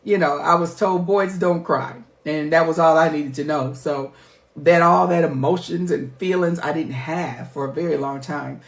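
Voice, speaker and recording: A woman's voice: low voice, steady tone, moderate pace, vocal fry. A middle-aged woman, a life coach, talking candidly to her viewers in a heartfelt, emphatic, chatty way. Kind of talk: candid personal vlog talk. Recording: roomy echo.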